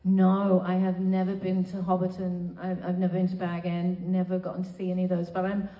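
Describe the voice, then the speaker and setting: A woman's voice: on the low side, completely flat delivery, a little fast. A woman speaking thoughtfully as a guest on a convention panel. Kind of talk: casual panel talk. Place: large convention hall. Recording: distant, dull echoey hall sound.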